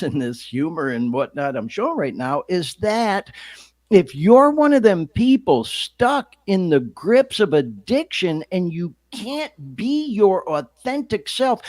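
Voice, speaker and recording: A man's voice: sits high, no echo. A male podcast host talking loosely to his listeners, full of swearing and "y'all", in a Midwestern American accent. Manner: profane, conversational, addresses listeners as y'all. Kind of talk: casual podcast monologue.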